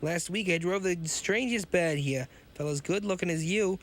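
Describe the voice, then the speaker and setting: A man's voice: sits high, normal speed, fairly bright tone, pitched above the performer's own voice. A man voicing a chatty, superstitious male taxi driver in a read-aloud pulp story, folksy and hesitant. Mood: uneasy.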